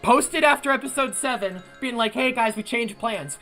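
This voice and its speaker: A young man streaming casually, ranting loud and exasperated and repeating himself. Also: very high voice, moderate pace, vocal fry, soft background music. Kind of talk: casual chat on a livestream.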